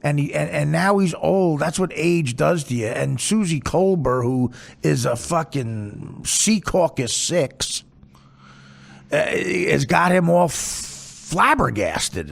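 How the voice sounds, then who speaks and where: A man hosting a podcast, talking in a casual, rambling monologue full of crude, profane jokes and deadpan asides. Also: fairly high pitch, gravelly. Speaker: podcast host.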